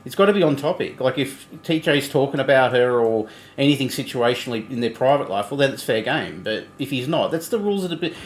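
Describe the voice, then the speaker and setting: A man's voice: mid-range voice, lively intonation, quick pace, hardly any pauses, roomy sound, faint music behind. Blunt, cussing male stream host. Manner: blunt, swearing, laughs often. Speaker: livestream host. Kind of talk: casual commentary chat.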